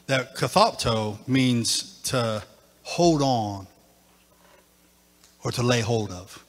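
A man preaching a sermon as pastor, emphatic and repetitive, his voice rising into shouts. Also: mid-range voice, animated, very slow, long reverb tail. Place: church sanctuary.

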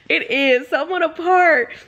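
A young woman vlogger reacting to a book in excitable, slangy casual chat. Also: high voice, takes it slowly, highs cut off. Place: public place.

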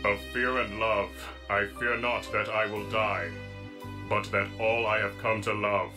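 A man voicing a stoic android who talks in a flat, formal way, heard as a show clip over music. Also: lowish voice, unhurried, lightly acted. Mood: stern. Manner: deadpan, formal, flat robotic diction. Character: stoic android, now just a severed head.

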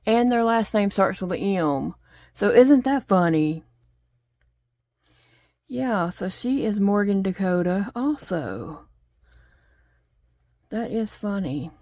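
A woman's voice: medium pitch, dark tone, no room sound, clean studio sound. A middle-aged woman chatting casually at home while she crochets, rambling along and talking to her pets. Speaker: crochet vlogger. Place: home desk.

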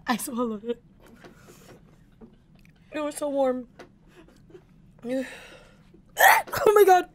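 A woman's voice: sits high, expressive, very slow, long pauses, a little mellow. A young woman co-hosting a casual food-tasting show, squeamish and dramatic, often laughing at what she has to eat. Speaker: co-host.

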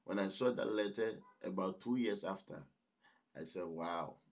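A man's voice: on the low side, moderate pace, a little mellow. A man preaching a sermon as pastor, emphatic and exhorting, often breaking in with "listen". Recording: dull lo-fi recording.

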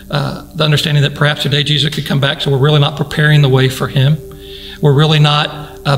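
A man's voice: fairly high pitch, fairly bright tone, rough recording. A man preaching a sermon as pastor in a church, earnest, repeating phrases and asking the congregation rhetorical questions. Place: church sanctuary.

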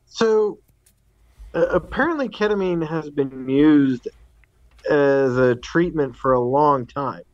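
A man's voice: on the high side, slow, no echo, dull audio. A man co-hosting a podcast, asking skeptical questions in casual chat. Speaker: podcast co-host.

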